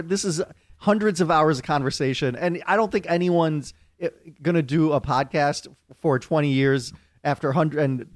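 A man co-hosting a podcast, talking in a halting way and restarting his sentences in casual chat. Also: on the high side, no room sound, clean studio sound.

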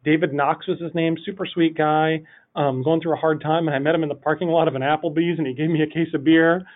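A male podcast guest, a city project manager, tells a funny anecdote during an interview, his slightly high voice moving quickly over a tinny phone line. His delivery is animated and rambling, full of "like."

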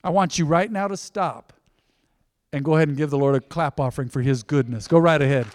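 A man preaching a sermon as pastor, in a conversational, emphatic manner that swings between loud bursts and soft asides. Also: fairly high pitch, fairly quick, long reverb tail.

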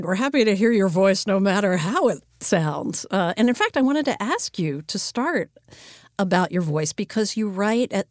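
A woman's voice: medium pitch, darkish tone, dry recording, clean studio sound. A woman hosting a podcast, asking an interview guest questions in a curious, conversational way. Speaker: podcast host.

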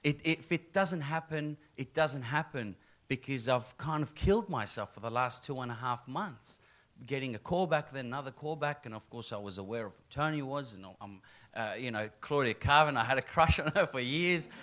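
Speaking at a normal speed in a medium-pitched voice, a middle-aged actor chats casually in an interview. He's a lively storyteller who performs the lines he quotes and laughs frequently.

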